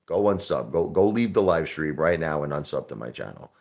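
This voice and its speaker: A man hosting a casual live stream goes on a brash, combative rant, repeating his points to hammer them home. His voice sits very low and a little mellow, with lively intonation and a brisk pace.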